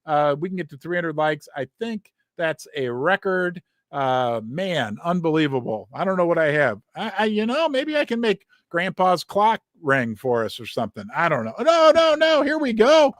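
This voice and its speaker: An excitable man hosts a live stream from his basement, calling out viewers' names one after another. His voice sits high for a man and the sound is close and dry. He is losing his voice. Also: moderate pace, few pauses, dry recording. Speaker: host of a precious metals live stream. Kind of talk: live stream chat greetings. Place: basement room.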